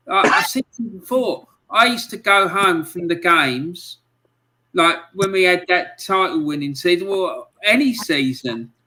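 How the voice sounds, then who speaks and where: A man chatting casually and telling an old story in a relaxed, conversational way. His voice is high and notably bright. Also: rough recording. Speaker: co-host of a fan podcast. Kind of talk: casual chat.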